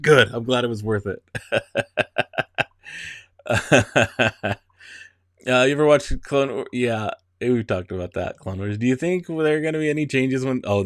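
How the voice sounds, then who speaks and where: A man's voice: on the low side, normal speed, no room sound, clean studio sound. A man hosting a casual livestream, chatting with viewers, giggling and restarting often. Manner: giggly, rambling, restarts a lot. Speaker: livestream host. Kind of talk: casual live-stream chat.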